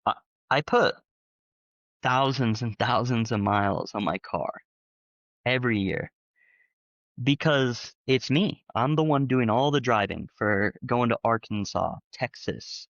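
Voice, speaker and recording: A man's voice: mid-range voice, measured pace, vocal fry, no room sound, highs cut off. Chatty man telling a long personal story. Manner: rambling, animated, with frequent fillers. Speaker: panel guest, former church member. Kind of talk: casual conversational storytelling.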